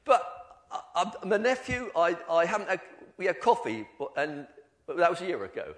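An older man giving an informal, animated church talk, telling stories about himself with many restarts. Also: high voice, normal speed. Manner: animated storytelling, self-deprecating, many restarts. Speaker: lay preacher.

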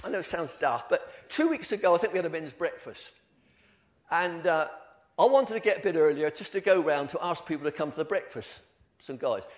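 An older man giving an informal, animated church talk, telling stories about himself with many restarts. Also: sits high. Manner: animated storytelling, self-deprecating, many restarts. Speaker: lay preacher.

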